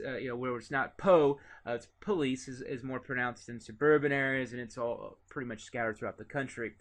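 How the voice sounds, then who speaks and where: Man lecturing, higher-pitched voice. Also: brisk. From Indiana. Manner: relaxed, lots of "uh" fillers, conversational. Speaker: teacher. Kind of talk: recorded classroom lecture.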